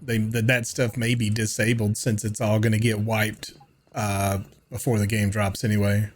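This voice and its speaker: A man's voice: lowish voice, little pitch movement, moderate pace, slight background noise. An older man with a Southern US accent, chatting casually and joking with viewers while he streams a game. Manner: joking banter with chat. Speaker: livestreamer.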